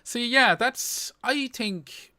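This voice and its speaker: A man's voice: very high voice, very slow, bright, forceful tone. A man co-hosting a podcast in casual chat, laid-back, swearing freely and using lots of fillers. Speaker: podcast co-host.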